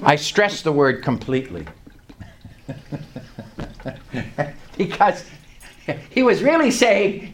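An older voice tells a personal faith story to a small group. The pitch swings widely from low and hushed to high and excited, and the voice is neither notably high nor low. The delivery is animated and full of acted-out prayers and soft chuckles. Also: extremely slow, long pauses. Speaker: lay preacher sharing testimony.

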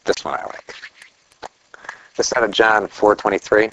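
A man's voice: lowish voice, unhurried, pauses often, fairly bright tone, no room sound, muffled recording. A middle-aged man preaching a conversational sermon, asking rhetorical questions and telling anecdotes. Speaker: pastor.

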